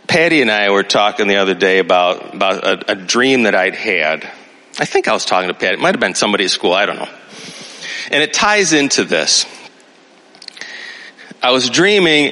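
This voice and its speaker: A man in his sixties gives a sermon, telling his story with lively swings in pitch and checking that listeners follow him. His voice is bright and forceful. A long reverb hangs on every phrase, as in a large hall. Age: 60s. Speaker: pastor.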